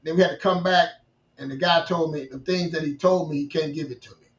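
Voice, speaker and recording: A man telling a long personal story in a casual interview, animated, restarting and repeating himself. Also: a little high, fast. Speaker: guest. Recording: roomy, distant, dull-sounding mic.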